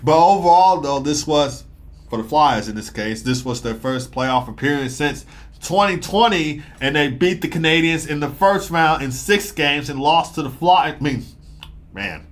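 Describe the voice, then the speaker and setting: A young man giving a casual, rambling hockey game recap, talking fast with lots of fillers and excited bursts. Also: fairly high pitch. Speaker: sports commentator.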